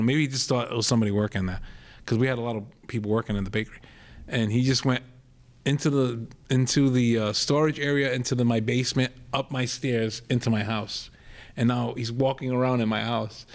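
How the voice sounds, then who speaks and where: A middle-aged man with a Rhode Island accent who spins a rambling family tale on a podcast. His voice sits at an ordinary middle pitch, and he keeps doubling back and breaking into the voices of the people in the story. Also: a little fast. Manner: rambling, animated storyteller acting out quoted voices. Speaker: podcast co-host, comedian. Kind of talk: storytelling in casual chat.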